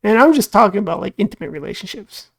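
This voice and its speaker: A man's voice: high-pitched, very animated, fast talker, vocal fry, a bit bright. A man hosting a reaction video, rambling and musing in casual commentary, full of fillers and acted-out quotes.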